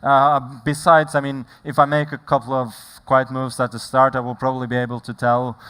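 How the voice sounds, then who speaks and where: A man's voice: mid-range voice, level tone, fairly quick, a bit bright, smooth. A man with a Norwegian accent, a chess player answering an interview question thoughtfully, with hesitant restarts.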